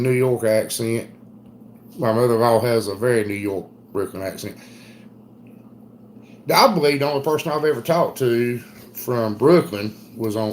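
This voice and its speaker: A middle-aged man with an Eastern North Carolina Southern accent, chatting casually on a livestream in a folksy, drawn-out storytelling way. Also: fairly low pitch, darkish tone, a little hiss or hum. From Southern United States. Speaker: livestream host. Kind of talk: casual live chat reading comments.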